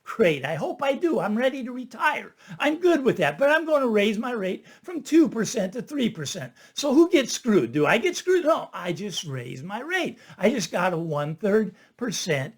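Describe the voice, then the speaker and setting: A man's voice: sits high, big pitch swings, moderate pace, few pauses, breathy edge. An older man, a real estate listing agent, talking casually to camera, stressing his points by repeating them and chuckling. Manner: emphatic, repeats key phrases, chuckles.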